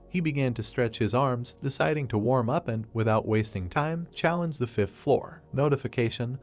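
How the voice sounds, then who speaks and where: A man narrating a comic story recap in a steady, scripted read-aloud style. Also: medium pitch.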